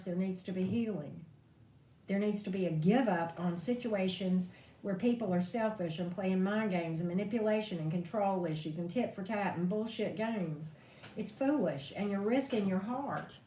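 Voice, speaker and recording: A woman's voice: mid-range voice, moderate pace, mellow. A woman reading tarot on a live stream, venting in a blunt, profane way. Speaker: tarot reader. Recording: echoey room, distant mic, faint noise.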